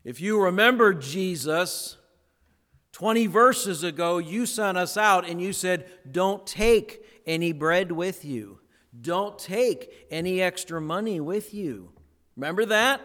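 A pastor preaching a sermon in a slow, conversational way, slipping into playful voiced asides when he retells a story. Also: high voice, lively intonation, a bit bright, long reverb tail.

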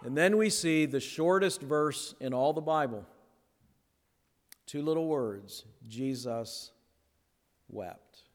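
A man preaching a sermon, pausing for effect and dropping to a near hush on key words, then building again. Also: fairly high pitch, animated. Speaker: pastor. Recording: long hall reverb.

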